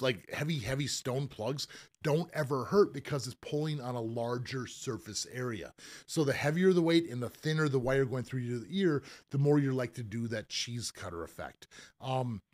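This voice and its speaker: Guy hosting a podcast, laid back and rambly, hiccuping, medium voice. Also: medium pitch. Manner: easygoing, rambling with fillers and restarts. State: has the hiccups. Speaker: podcast host, piercer. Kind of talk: casual podcast chat.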